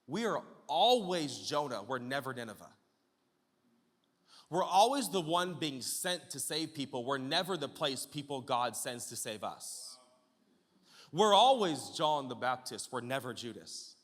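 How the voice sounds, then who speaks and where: A man pastor preaching a sermon, firing off rhetorical questions and building up to shouts at the peaks. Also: medium pitch, big pitch swings, a little slow. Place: church sanctuary. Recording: long church-hall reverb.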